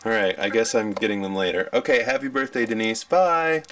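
A man's voice: lowish voice, lively intonation, brisk, fairly bright tone, distant mic, a little hiss or hum. A man leaving a casual, hesitant, joking birthday message.

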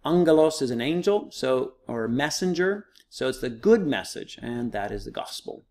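A man's voice: medium pitch, expressive, normal speed, a little mellow. Casual, patient male teacher. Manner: casual, patient, explains step by step with fillers. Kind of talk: recorded online lesson, screen walkthrough.

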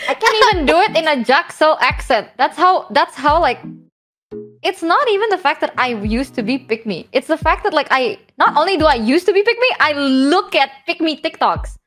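A young woman with an Indonesian accent, chatting on stream in a rambling, dramatic way. Her voice sits high and bounces around a lot. Faint music plays underneath. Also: lively intonation, normal speed, a bit bright. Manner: rambling, dramatic, switches between English and Indonesian. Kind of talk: casual chat on stream.

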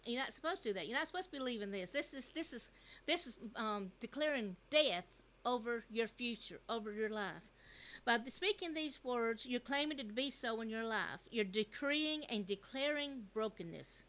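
A woman's voice: a little high, lively intonation, normal speed, fairly bright tone. A middle-aged woman giving an earnest, conversational sermon at a youth service, repeating herself and using plenty of fillers.

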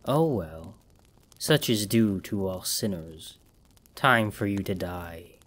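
A man's voice: expressive, fairly bright tone, heavily acted. A man putting on a hissing, taunting demon. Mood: menacing. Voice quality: hissing, low and breathy. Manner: slow, taunting. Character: hissing spider-like demon in human skin.

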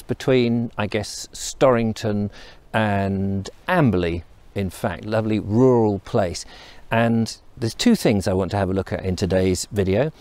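A man's voice: fairly low pitch, darkish tone. A middle-aged man from England vlogging outdoors while walking through countryside and woodland, chatty and enthusiastic, wandering off into asides. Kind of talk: casual outdoor walking vlog.

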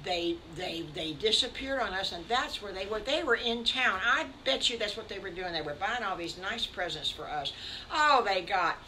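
An older woman spinning a children's story, animated and chatty as she talks to the young listeners. Her voice is bright and clear, with a faint background hum. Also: mid-range voice, normal speed, rough recording. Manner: warm, animated, addresses children.

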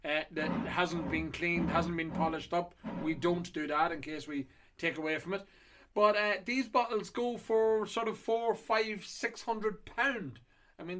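A middle-aged man chats loosely through a run of auction lots, circling back on himself with ums and uhs. His voice sits a little higher than most men's. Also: background noise. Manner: rambling and chatty with many fillers. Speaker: whiskey auction host. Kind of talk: casual chat previewing auction lots.

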